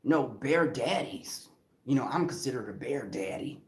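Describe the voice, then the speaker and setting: A man voicing a portly man making smooth, suggestive come-ons at a club, in a quiet, lower voice. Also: lively intonation, a little slow, lightly acted. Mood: flirty. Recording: roomy echo.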